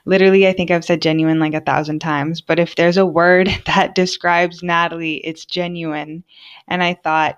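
Young female podcast host, slightly low voice, chatty and sincere monologue. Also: steady tone, moderate pace, clean tone. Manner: casual, heartfelt, lots of "like". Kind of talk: personal monologue.

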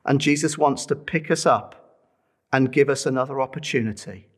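A man's voice: mid-range voice, normal speed. A middle-aged man preaching a sermon, telling a personal testimony with earnest feeling and pleading with listeners to respond.

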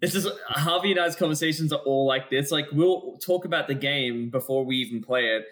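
A man in casual chat, calmly explaining a game strategy. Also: fairly high pitch, fairly quick. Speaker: podcast co-host. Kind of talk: casual chat about video games.

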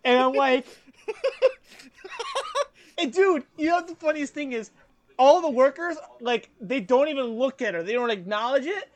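A young man co-hosting a podcast, telling a workplace story in casual chat, lively and acting out what others said. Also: extremely high pitch, a little slow, pauses often. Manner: animated, acts out quoted voices, laughs often. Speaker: podcast co-host.

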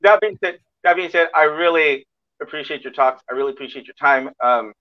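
A man's voice: fairly high pitch, a little fast, lo-fi sound. A man hosting a podcast in casual interview chat, friendly and rambling with frequent restarts. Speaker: podcast host.

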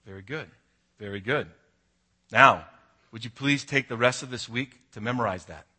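Bright-voiced male pastor preaching. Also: mid-range voice, moderate pace, slightly rough. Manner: earnest, swings from hushed to emphatic. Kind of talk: sermon storytelling.

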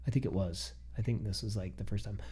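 With a fairly low voice and a quick pace, a man in his thirties recounts something that happened to him in casual conversation. He's animated, quoting both himself and other people.

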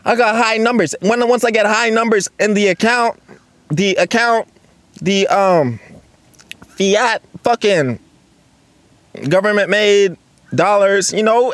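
A man's voice: measured pace, no room sound. Profane rambling male podcaster. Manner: profane, rambling, swings between loud outbursts and low mutters. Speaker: podcast host. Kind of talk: solo casual podcast rant. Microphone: recorded on a phone and laptop.

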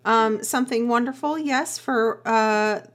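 A woman's voice: on the high side, a little slow, fairly bright tone. A woman co-hosting a podcast, chatting in a playful, teasing way and telling jokes. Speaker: podcast co-host. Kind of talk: casual chat.

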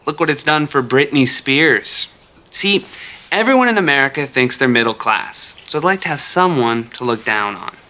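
An actor playing a smooth, slick male talent agent in a film comedy, with a bright salesman's patter. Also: medium pitch, lively intonation, moderate pace.

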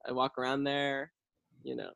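Teasing young man with a lively voice. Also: mid-range voice, moderate pace, dull audio. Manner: teasing, playfully sarcastic. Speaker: guest. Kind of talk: casual improv chat.

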